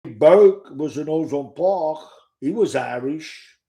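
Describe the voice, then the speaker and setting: Speaking slowly to the camera, this older man from Sicily has a fairly high, dark voice with vocal fry and an animated delivery. An author and storyteller with a Sicilian Italian accent, he rambles through casual first-person tales, often restarting and swearing without restraint.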